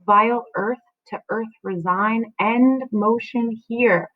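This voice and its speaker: Brief: a woman voicing an anxious young lover, a little higher than her own voice, tinny lo-fi audio. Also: unhurried, natural voice. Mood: grief-stricken. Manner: raised, earnest recitation. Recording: phone-like lo-fi audio.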